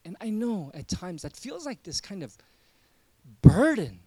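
A male pastor giving a sermon in a conversational way, swinging from hushed asides to emphatic points. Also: sits high, big pitch swings, unhurried, breathy edge.

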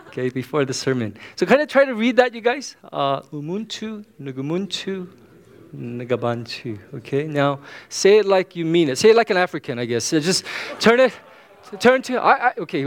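Pastor, man, high-pitched, easygoing sermon full of quick "okay?" check-ins. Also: sing-song. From United States. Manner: casual, joking, frequent "okay?" asides.

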